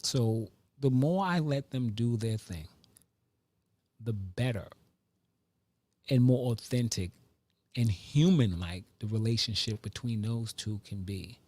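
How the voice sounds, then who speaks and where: A man and father telling family stories in a casual vlog, animated, with sudden pitch jumps and hushed asides. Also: takes it slowly, pauses often, dry recording. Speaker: vlogger. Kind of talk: casual storytelling monologue.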